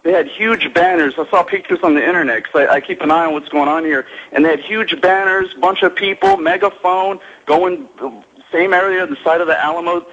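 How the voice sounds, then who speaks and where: Man, caller, from South Texas, earnest account, slightly high voice, muffled phone line. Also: brisk, fairly bright tone. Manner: earnest storytelling, acts out others' voices. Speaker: caller, local activist.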